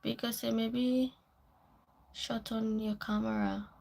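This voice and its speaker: The Caribbean English-accented livestream host chats through her casual morning stream, reading comments aloud and replying. Her fairly high voice is gravelly and darkish, delivered flatly at a slow pace.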